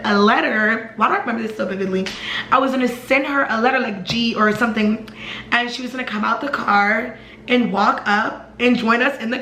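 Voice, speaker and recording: A young woman vlogger rattles through a personal story in a fast, animated, chatty storytime style full of fillers and asides. Her bright voice sits a little high, with a roomy echo and a little hiss or hum.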